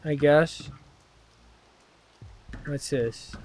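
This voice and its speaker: A man's voice: a little high, lively intonation, measured pace, a bit bright, clear, resonant tone. A man commentating his own gameplay, muttering and swearing in frustration as he plays. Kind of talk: frustrated let's-play commentary.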